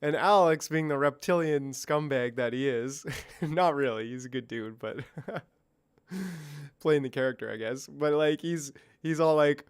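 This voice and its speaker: A man's voice: mid-range voice, moderate pace, clean tone, dry recording, studio quality. A man hosting a casual chat show, rambling and slangy as he reacts to a clip. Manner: laid-back, rambling, slangy. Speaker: host.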